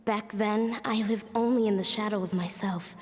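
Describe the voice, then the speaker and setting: A woman's voice: medium pitch, fairly even intonation, normal speed, in a large hall, natural voice. An actress playing a young mother reading her diary entries aloud in a reflective, tender way.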